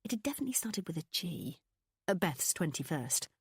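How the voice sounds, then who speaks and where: A woman reading a first-person novel aloud as an audiobook narrator, in an expressive, confiding storytelling manner. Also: fairly low pitch, a little fast, husky, dry recording, studio quality.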